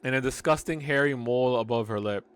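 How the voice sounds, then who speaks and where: A man reads a book aloud in a casual, unpolished way, stopping often for sarcastic commentary. His voice is mid-pitched and ordinary. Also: quick pace, clear, resonant tone. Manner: sarcastic asides, frequent restarts. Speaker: audiobook reader and commentator.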